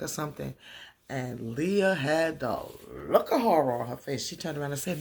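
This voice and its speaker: A woman in a casual recap vlog, losing her voice, telling the story in an animated way and acting out the characters' lines. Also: low voice, brisk, creaky, husky. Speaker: TV recap vlogger.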